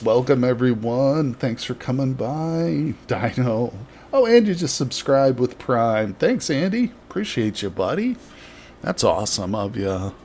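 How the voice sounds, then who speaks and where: A man's voice: mid-range voice, darkish tone, slight background noise. A man doing live gameplay commentary and chatting with viewers in a jokey, rambling way, from a home streaming setup with the microphone very close to his mouth. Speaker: livestreamer.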